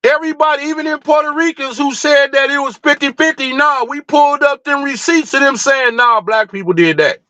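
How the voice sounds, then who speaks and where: Fired-up high-voiced man ranting. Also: little pitch movement, fairly quick, hardly any pauses, pushed and bright, dry recording, low-quality recording. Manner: fired-up, blunt, profane, rhetorical questions. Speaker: livestream host. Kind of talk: heated livestream rant.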